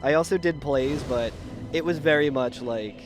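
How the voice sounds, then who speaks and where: A tired man with a broad Philadelphia Delco accent chats loosely through a game stream, rambling and swearing and mocking himself. His voice sits slightly high, with faint music behind it. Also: normal speed. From Pennsylvania, United States. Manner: rambling, profane, self-deprecating. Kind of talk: casual live-stream chat while gaming.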